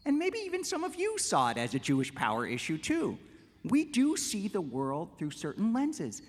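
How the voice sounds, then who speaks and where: A man, a rabbi, giving a conversational lecture to a congregation and telling jokes in an animated way. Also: sits high, normal speed, long reverb tail. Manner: animated storyteller, conversational with restarts.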